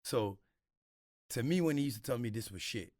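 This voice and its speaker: A man's voice: mid-range voice, animated, moderate pace, a little mellow, no room sound, clean studio sound. A man, a guest in a casual interview, talking reflectively with slang and frequent repeats. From Congo.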